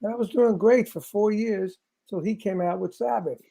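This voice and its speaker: An older man co-hosting a casual chat, telling an anecdote in a relaxed, unhurried way. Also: high voice, creaky, over a noisy crowd, low-quality recording.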